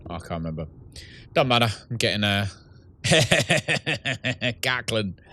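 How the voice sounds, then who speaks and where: A man's voice: mid-range voice, big pitch swings, takes it slowly, bright, forceful tone. Chatty man streaming a game. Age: 30s. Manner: chatty, reads chat aloud, laughs often. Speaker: streamer and host. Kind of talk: casual livestream gaming chat.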